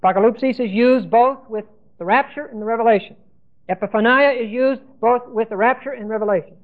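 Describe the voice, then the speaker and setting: High-voiced man teaching Scripture, lo-fi. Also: brisk. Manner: spells out Greek words letter by letter, repeats key terms. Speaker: Bible teacher. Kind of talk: Bible lesson sermon. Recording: tinny phone-like lo-fi recording.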